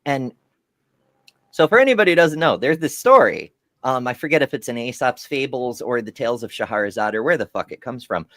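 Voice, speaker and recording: A man in the middle of a casual podcast panel chat. He tells stories in a lively, swearing rush, his pitch swinging widely from line to line. The sound is dry and close, with no room around it. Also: fairly quick, no echo. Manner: profane, animated storytelling. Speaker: podcast co-host.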